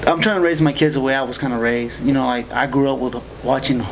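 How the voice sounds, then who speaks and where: A man's voice: mid-range voice, fairly even intonation, fast, gravelly, noisy background. A man talking as a podcast guest in casual chat, easygoing and laughing often.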